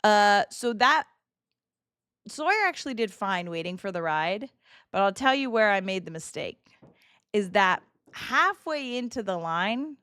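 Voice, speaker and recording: A woman livestreamer chatting casually with her viewers, telling animated stories with lots of laughing and swearing. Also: mid-range voice, measured pace, clear, resonant tone, dry recording, clean studio sound. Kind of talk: casual chat with stream viewers. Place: home streaming setup.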